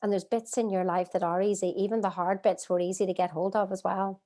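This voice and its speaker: A middle-aged woman leading a live online coaching masterclass from home, earnest and expressive, asking her audience many rhetorical questions. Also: medium pitch, brisk. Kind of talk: live-streamed coaching talk. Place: at home, streaming by video call.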